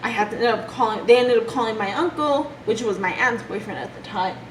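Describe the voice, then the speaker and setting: Young woman w/ a slightly high voice telling a hard childhood story, stops and restarts a lot, echoey noisy room. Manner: emotional, halting retelling with restarts. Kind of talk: personal storytelling vlog. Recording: echoey room with background noise.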